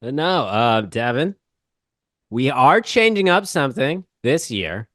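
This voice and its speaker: A man co-hosting a podcast, talking in loose, teasing banter. His pitch jumps around a lot, and the recording is dry and close. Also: a little slow, dry recording. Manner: animated, jokey, teasing. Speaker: podcast co-host. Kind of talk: casual banter.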